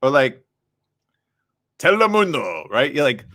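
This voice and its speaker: A man hosting a live radio morning show, chatting casually in an animated, joking, rambling way from the studio. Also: mid-range voice, unhurried.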